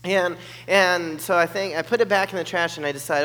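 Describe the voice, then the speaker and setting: A high-pitched man tells a personal story with lots of energy, acting out the voices of the people in it. His tone is bright and forceful, and a long hall reverb trails behind him. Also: fairly quick. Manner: animated, acts out the other people's voices.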